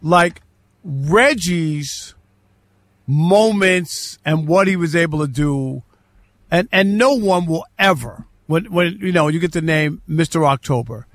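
A man's voice: a little high, slow pace, fairly bright tone, dry recording. A man hosting a sports talk show, debating emphatically and repeating key phrases for stress.

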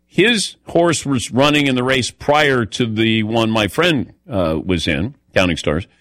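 A man's voice: mid-range voice, animated, a little slow, fairly bright tone, no room sound. A man hosting a radio show, telling stories in a chatty way and calling on his co-hosts by name. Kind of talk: casual radio show chat.

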